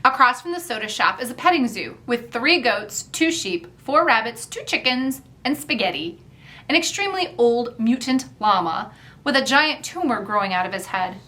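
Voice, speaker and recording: A woman's voice: on the high side, animated, normal speed, bright, forceful tone. A woman narrating a first-person audiobook in a wry, chatty manner.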